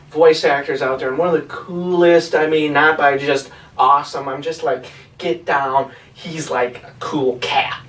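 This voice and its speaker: A man's voice: a little high, echoey room, distant mic, poor audio. Enthusiastic man rambling a voice-over. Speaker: video host. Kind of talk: voice-over commentary.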